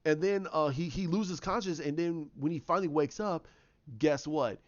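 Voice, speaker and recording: A man's voice: a little high, normal speed. A man casually retelling a movie idea, rambling along with many restarts. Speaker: fan pitching a movie idea. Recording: dull lo-fi sound.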